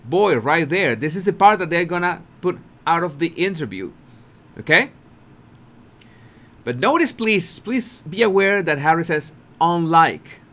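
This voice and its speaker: Brief: male video commentator, high and lively voice, unhurried and repetitive delivery. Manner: repetitive, restarts often, animated with laughter.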